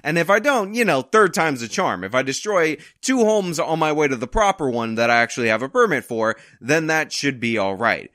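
A man's voice: on the high side, big pitch swings, fairly quick, few pauses, bright, forceful tone, no room sound, studio quality. A man putting on a rude Southern demolition worker. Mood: flippant. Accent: Southern US, put on. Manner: careless, brushing things off.

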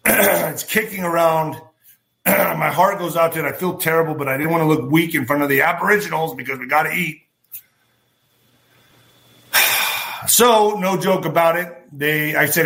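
A man's voice: a little high, pushed and bright. A man hosting a show, telling rambling personal stories and commenting on a news item, talking straight to his listeners. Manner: rambling, anecdotal, talks straight to listeners as folks. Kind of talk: casual storytelling and news commentary.

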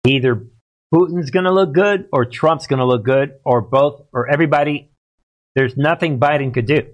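A man's voice: a little high, normal speed, highs cut off. A man hosting a political livestream, commenting in a rambling, emphatic way and talking to his chat.

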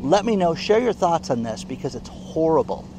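Emphatic male vlogger with a higher voice, casual commentary, faint background noise. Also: big pitch swings, normal speed. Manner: indignant, emphatic, keeps asking "okay?". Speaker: online commentator. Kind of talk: casual news commentary vlog.

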